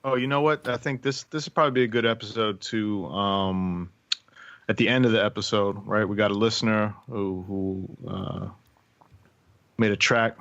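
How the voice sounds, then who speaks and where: A man co-hosting a casual podcast, talking in an easygoing, halting way. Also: lowish voice, fairly even intonation, a bit bright, dry recording, muffled recording. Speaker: podcast co-host. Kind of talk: casual chat.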